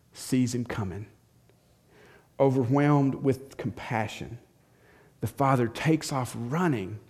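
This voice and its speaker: Pastor guy preaching, storytelling, acts out the scenes. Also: medium pitch. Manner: animated storytelling, acting out the scenes. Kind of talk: sermon.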